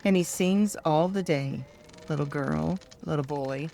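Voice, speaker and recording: An older woman reads children's poetry aloud in a soft-spoken, gentle manner. Her pace is very unhurried and her voice sits somewhat low. A faint hum of background noise lies beneath her reading. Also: gravelly. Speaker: storyteller.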